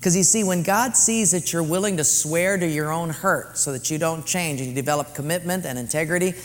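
Brief: earnest male preacher, emphatic repetition, slightly high voice, reverberant church hall. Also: a little fast. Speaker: pastor. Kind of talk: sermon.

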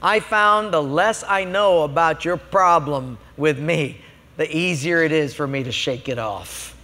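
High-voiced preacher in an echoing hall. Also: male voice, unhurried, bright, forceful tone. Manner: humorous, emphatic storyteller. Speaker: pastor. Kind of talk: sermon.

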